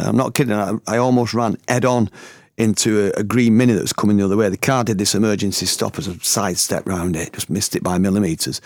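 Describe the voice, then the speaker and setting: Laughing as he tells it, a middle-aged northern English man, once in a band, relates a personal story in casual, colloquial terms. His voice sits lowish, and the clean studio recording has no echo.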